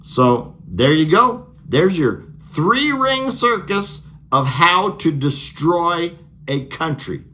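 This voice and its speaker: A man's voice: fairly high pitch, very animated, slow, pushed and bright. A man delivering a sarcastic, profane political rant, laughing at his own jokes. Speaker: political vlogger.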